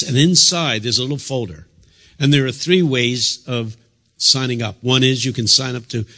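A man preaching a sermon in a church, impassioned, dropping to a hush and then rising loud again. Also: medium pitch. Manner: impassioned, swings from hushed to loud.

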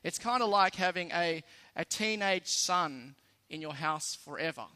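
A man's voice: a little high, lively intonation, measured pace, pushed and bright, smooth. A man with an Australian accent preaching a sermon in a conversational, lightly humorous way, stressing key phrases.

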